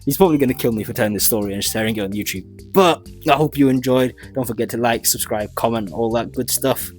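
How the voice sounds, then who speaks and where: An animated young man tells a story for his vlog, laughing as he goes. His voice sits at an ordinary middle pitch. Faint music plays behind him. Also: fast. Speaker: vlogger.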